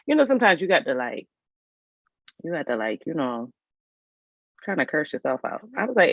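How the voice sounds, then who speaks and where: A woman's voice: deep voice, very animated, fairly quick, gravelly, pauses often, no room sound. A woman coaching people through resumes on a livestream. She talks in a folksy, chatty way, straight to her viewers. Her computer mic gives a dry, slightly dull sound. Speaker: HR career coach hosting a live resume review. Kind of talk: casual livestream chat.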